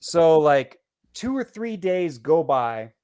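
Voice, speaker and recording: A man's voice: a little high, big pitch swings, slow pace, a little mellow, clean tone. Profane man venting on a call-in. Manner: profane, heated storytelling. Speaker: caller. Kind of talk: casual call-in storytelling.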